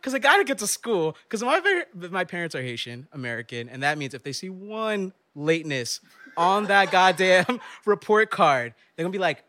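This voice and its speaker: A young man telling a lively story on stage, laughing often and acting out the voices of the people in it. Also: high voice, normal speed. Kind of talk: live storytelling.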